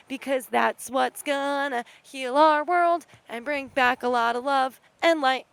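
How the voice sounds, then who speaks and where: Young female podcast host, high-pitched, dry close sound, swearing and rambling passionately in a solo rant. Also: fairly even intonation, measured pace, vocal fry, hardly any pauses, fairly bright tone, clear, resonant tone, dry recording. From United States. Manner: profane, impassioned, rambling. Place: outdoors at night.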